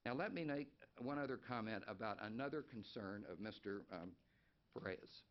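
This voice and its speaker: A man's voice: lowish voice, expressive, moderate pace. A man giving formal public testimony at a county board meeting, arguing emphatically, asking rhetorical questions and repeating key points. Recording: dull lo-fi meeting recording.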